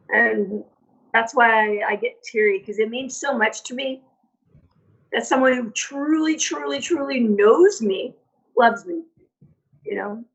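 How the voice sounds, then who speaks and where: This podcast guest is a woman whose fairly high, slightly rough voice has a bit of brightness. She tells stories chattily during a casual interview, filling them with "like" and restarts, all captured in dull lo-fi audio.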